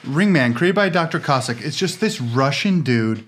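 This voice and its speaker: A man co-hosting a podcast in casual banter, animated and swearing freely, sometimes reading aloud from a book. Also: mid-range voice, normal speed. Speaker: podcast co-host.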